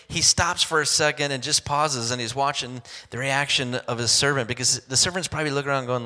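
A man preaching a sermon, telling a Bible story in an animated way and acting out the characters' lines. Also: medium pitch, fast, hardly any pauses. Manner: animated storytelling with acted-out quotes. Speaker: pastor. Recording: long hall reverb.

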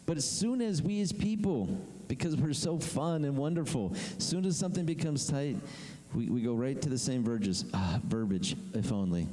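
Male pastor, animated conversational sermon, mellow tone, reverberant hall sound. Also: mid-range voice, moderate pace. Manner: animated preaching, acts out complaining voices.

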